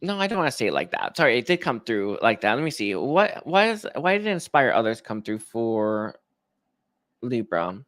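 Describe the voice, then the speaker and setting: A man's voice: medium pitch, very animated, normal speed, dry recording, studio quality. Man giving a rambling tarot reading. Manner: rambling, hesitant, full of restarts and soft laughs. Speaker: tarot reader.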